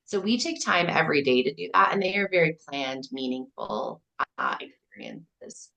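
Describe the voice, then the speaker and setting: A middle-aged Canadian woman with a Canadian accent and a low, gravelly voice with plenty of fry. She speaks as an earnest kindergarten teacher in a conversational interview. She tells stories with warmth and acts out the quotes in them. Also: moderate pace. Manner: earnest, storytelling, acts out quotes with lively animation. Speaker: kindergarten teacher and author, guest.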